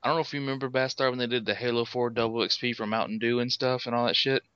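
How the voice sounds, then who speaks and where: A man's voice: mid-range voice, level tone, rapid-fire, a bit bright, smooth. A man in casual chat who jokes and swears. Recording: dull lo-fi audio.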